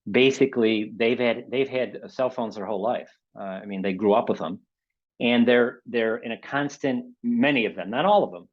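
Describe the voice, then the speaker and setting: A man gives a motivational webinar talk at an everyday pitch, chatty and direct, often checking in with his listeners. He acts out inner voices by raising his tone. The audio is slightly dull and lo-fi, as over a video call. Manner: conversational, keeps checking in with "okay?" and "right?". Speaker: webinar presenter.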